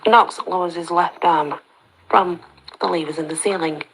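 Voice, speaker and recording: A woman narrating a story in the first person, soft-spoken and slipping into whispers. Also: fairly low pitch, moderate pace, slightly rough, low-quality recording.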